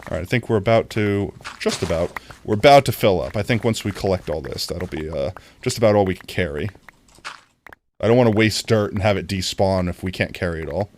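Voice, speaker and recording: A man's voice: low-pitched, brisk, a little hiss or hum. A man streaming a video game live, chatting casually with his viewers and breaking into mock-dramatic outbursts. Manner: animated, talks to chat, mock-dramatic outbursts.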